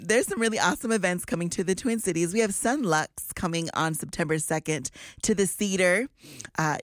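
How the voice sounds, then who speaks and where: A woman's voice: fairly low pitch, no room sound. A woman radio host, emotional and teary, gushing through morning chat and local event announcements in a studio. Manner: gushing, effusive, lots of sighs and exclamations.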